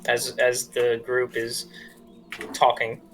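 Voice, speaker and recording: A man's voice: mid-range voice, completely flat delivery, slow pace, a bit bright, faint music behind. Laid-back young man playing a game. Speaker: player. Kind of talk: casual tabletop game play.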